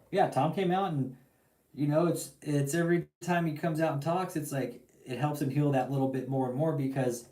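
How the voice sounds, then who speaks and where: A man's voice: mid-range voice, reverberant, low-quality recording. Swearing, ranting man hosting a talk show. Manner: profane, animated ranting with lots of slang. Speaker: podcast host. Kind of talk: casual call-in talk show.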